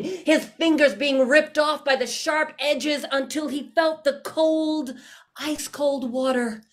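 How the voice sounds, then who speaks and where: A woman improvising a dark story with dramatic narration. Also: high voice. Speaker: improv player.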